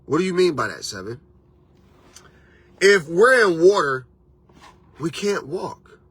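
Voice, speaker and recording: A man's voice: on the high side, big pitch swings, slow pace, fairly bright tone, breathy edge, dry recording. A man hosting a motivational monologue, preachy and repetitive, with casual slang. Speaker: motivational host and life coach.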